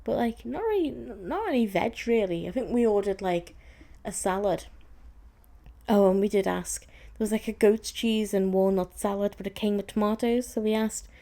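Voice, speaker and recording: Mellow-voiced woman telling a story. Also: medium pitch, moderate pace, gravelly. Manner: chatty and exasperated, with frequent "like" fillers. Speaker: podcast host. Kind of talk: casual storytelling chat.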